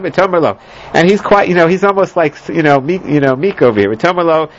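A man's voice: fairly high pitch, animated, fast talker, a little hiss or hum. A man teaching a scripture lesson, rambling with many fillers, restarts and joking asides, in a dull lo-fi recording. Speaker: Bible teacher. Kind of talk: lecture on scripture.

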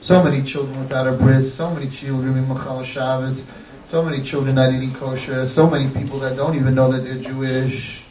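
A man's voice: mid-range voice, little pitch movement, fairly quick, darkish tone, slight background noise. A man preaching an impassioned sermon that builds into crying pleas. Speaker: rabbi. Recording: echoey, distant mic, faint ambience.

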